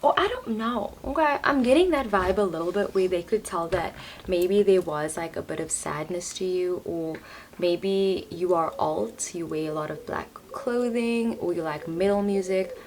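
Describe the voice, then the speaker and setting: In a fairly low voice at a moderate pace, with a little hiss or hum behind her, a young woman does a laid-back tarot reading for a tripod camera. Fillers such as "like" and "you know" crop up constantly in her chatty delivery.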